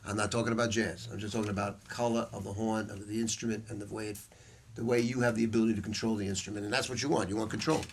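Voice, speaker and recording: A man's voice: on the low side, level tone, rapid-fire, slight background noise. Blunt, profane male saxophone teacher. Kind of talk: masterclass talk to students. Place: music store room with students.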